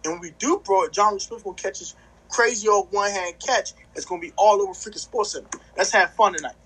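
A man with a high, breathy, husky voice co-hosts a casual sports podcast. He talks trash with lively bluster and keeps stammering on repeated words as he builds his point. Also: brisk, poor audio. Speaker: podcast co-host.

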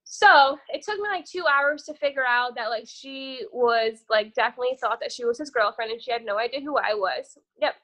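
A young woman chats as a podcast guest, her voice high and bright. She rambles through her story with plenty of swearing and offhand asides. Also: fairly quick, hardly any pauses. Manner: profane, rambling, says "whatever" a lot. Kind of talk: casual storytelling chat.

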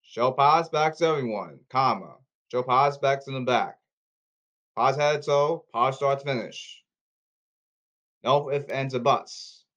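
A man's voice: mid-range voice, unhurried, a bit bright, muffled recording. A man rambling in an insistent, repetitive way, often restarting his sentences. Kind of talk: rambling address to camera.

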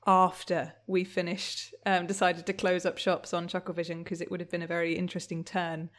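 A woman's voice: on the low side, little pitch movement, a little fast, a bit bright. A young woman from the UK, a podcast guest who chats casually, laughs often and hesitates with many ums. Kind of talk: casual chat.

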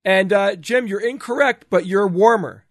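A man's voice: high voice, normal speed, dry recording, studio quality. A man co-hosting a podcast, playfully reading out listener emails in a casual chat. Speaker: co-host presenting a listener quiz segment.

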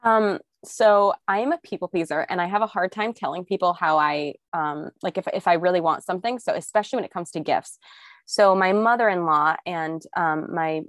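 A young woman co-hosting a podcast, speaking in a soft, hesitant way with frequent pauses in casual chat. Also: on the low side, dry recording, studio quality. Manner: soft-spoken, hesitant, many ums. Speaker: podcast co-host.

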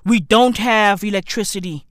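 A young man with a South African accent, delivering a profane comedic rant that swings into frequent shouting and laughter. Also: high-pitched, moderate pace, no room sound, clean studio sound. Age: young adult. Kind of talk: ranting comedic monologue.

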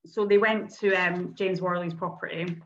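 A woman's voice: fairly low pitch, moderate pace. Woman chatting through a true crime case on a podcast, does little voices for quotes, bit dull lo-fi audio. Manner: animated storyteller, acts out quotes. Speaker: podcast co-host. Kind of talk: casual true-crime chat. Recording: slightly dull lo-fi sound.

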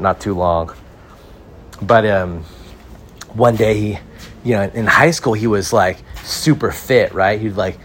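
Rambling, slangy young man, low voice. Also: slight background noise. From California, United States. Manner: rambling, swears casually, slangy. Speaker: podcast host. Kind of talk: casual comic storytelling.

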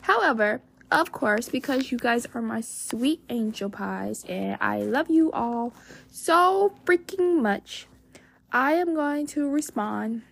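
A woman's voice: fairly high pitch, creaky, slightly rough. A young woman hosting a casual advice podcast, bubbly and gushing, full of endearments and fillers. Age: young adult. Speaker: podcast host.

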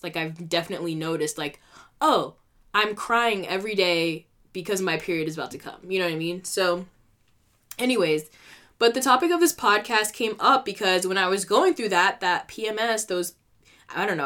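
A woman's voice: on the low side, a bit bright. Candid young woman ranting on a podcast. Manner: candid, emotional, heavy use of "like" and swearing. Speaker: podcast host. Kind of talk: casual solo podcast rant.

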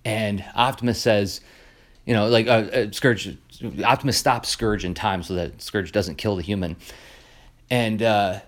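A man hosting a podcast, telling an episode's story in a casual, animated way with many fillers and restarts. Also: fairly low pitch, a little slow. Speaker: podcast host. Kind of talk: casual commentary on a cartoon episode.

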